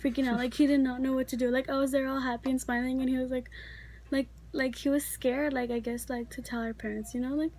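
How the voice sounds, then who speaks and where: A woman's voice: sits high, level tone, quick pace, a little mellow. A teenage girl casually telling a story, chatty and full of fillers. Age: teens. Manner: chatty, filler-heavy, many likes. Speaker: vlogger.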